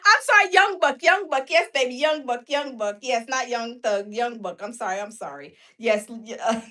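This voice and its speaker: A woman's voice: on the high side, moderate pace, pushed and bright. A woman hosting a live stream, chatting animatedly with her viewers and often breaking into laughter. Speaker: livestream host. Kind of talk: casual live-stream commentary.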